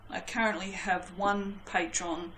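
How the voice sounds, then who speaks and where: A woman's voice: medium pitch, steady tone, unhurried, fairly bright tone, roomy sound, slight background noise, low-quality recording. A woman hosting a casual soap-making vlog, chatty and rambling, poking fun at herself and swearing now and then. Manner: rambling, self-deprecating, swears lightly. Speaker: soap-making channel host. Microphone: webcam.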